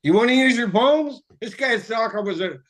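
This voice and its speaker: A man talking casually as an interview guest, excitable and profane, jumping into quick chemistry explanations. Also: very high-pitched. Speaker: guest, water filter developer.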